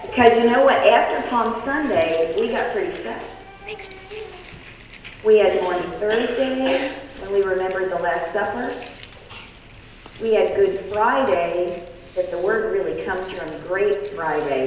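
A woman leading a children's sermon in church, coaxing and gentle as she talks to small children. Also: medium pitch, lively intonation, unhurried. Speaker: children's message leader at church. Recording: echoey hall, distant mic, noisy and dull.

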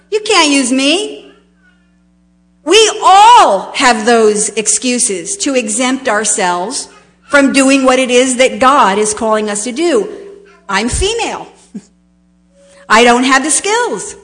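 A woman with a high voice preaching a sermon. She speaks slowly and with emphasis, pausing for effect and swelling on key words. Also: fairly bright tone. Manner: slow, emphatic preaching with dramatic pauses and swells.

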